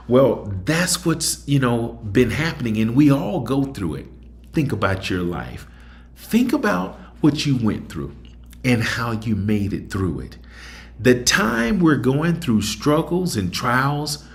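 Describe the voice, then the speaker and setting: A middle-aged man hosting a solo talk show, reflecting in a rambling, conversational way with many fillers. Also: deep voice. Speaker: host.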